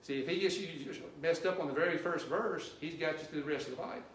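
A male missionary preacher delivering a sermon, quizzing the congregation with questions and growing loud and emphatic at his peaks. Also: on the high side, fast talker, slight background noise. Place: church sanctuary. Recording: roomy church echo, distant mic.

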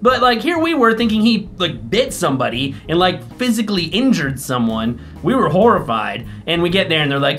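A man talks straight to camera in a loose, rambling vlog, cursing freely as he acts out the people in his story. His delivery is animated and sarcastic. Faint music plays underneath. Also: high-pitched, fairly quick, hardly any pauses. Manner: animated, profane, mocking impressions. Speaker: vlogger.

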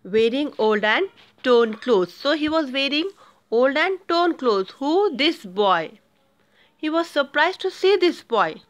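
A woman teacher walks children through a storybook lesson and its grammar. She speaks slowly in a fairly high voice, putting a question to the class and then answering it herself. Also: lively intonation. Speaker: English teacher. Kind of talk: explaining a textbook story with grammar points.

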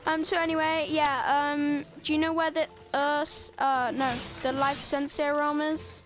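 A woman's voice: high voice, little pitch movement, a little slow. A woman hosting casual gameplay commentary, rambling with lots of fillers and blunt asides. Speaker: gameplay host. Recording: game music behind the voice.

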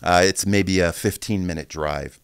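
A man in his sixties, a former pro linebacker, telling locker-room stories in a casual interview, animated and profane. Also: sits low, moderate pace, clear, resonant tone, dry recording, studio quality. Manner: animated, profane storyteller who acts out quotes.

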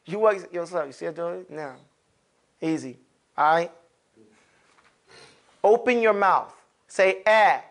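A man with a high, bright voice leads a classroom lesson on pronouncing letters. He talks to his students in an animated way and exaggerates each sound so the room can copy it. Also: slow, vocal fry, long pauses. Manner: animated, demonstrates sounds with exaggerated mouth shapes. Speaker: Arabic pronunciation teacher.

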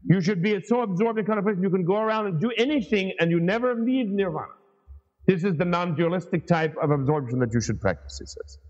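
A man hosting a podcast, teaching Buddhist scripture as a lively storyteller with chatty asides. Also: high voice, quick pace. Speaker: Buddhist studies professor and podcast host. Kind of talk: teaching talk, reading and explaining a sutra. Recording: reverberant, dull lo-fi sound.

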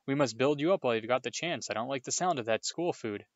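A man's voice: medium pitch, expressive, quick pace, dry recording, highs cut off, natural voice. A man voicing a fussy, doting middle-aged aunt in a storybook reading. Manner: fussing, coddling.

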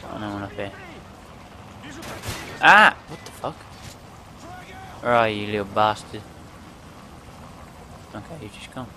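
A man with a desk microphone giving excitable, swearing, self-mocking commentary on his own gameplay. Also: on the low side, moderate pace, long pauses. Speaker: gaming channel host. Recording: loud game sounds behind. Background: gunfire and vehicle noise from the game.

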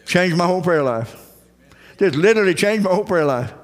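A man's voice: sits high, expressive, a little fast. Man, pastor, folksy sermon, acts out quotes, church reverb. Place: church sanctuary.

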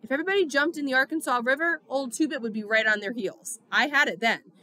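A woman narrating a novel in the first person with steady storytelling. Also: sits high, fast. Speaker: audiobook reader.

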